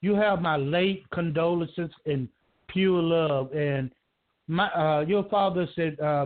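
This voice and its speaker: Rambling male caller on a tinny phone. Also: a little high. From Georgia, US. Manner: rambling, halting, many restarts. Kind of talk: emotional call-in talk. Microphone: telephone.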